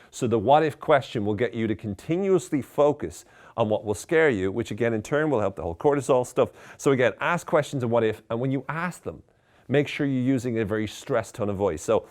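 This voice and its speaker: A man's voice: mid-range voice, animated, a little fast, a little mellow. A man giving mock-serious, tongue-in-cheek self-help advice in a conversational, ironic way.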